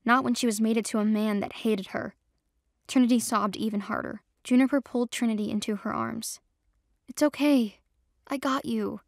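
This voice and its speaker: A woman narrating a romance audio drama in a steady, emotive storytelling manner. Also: on the high side, a little fast, dry recording, clean studio sound.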